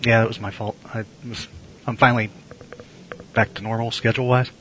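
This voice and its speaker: A man's voice: mid-range voice, flat delivery, brisk, pushed and bright, a little hiss or hum, poor audio. A man co-hosting a casual podcast, teasing his friend in a dry, wry way and often restarting his sentences. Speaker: podcast co-host. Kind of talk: casual chat.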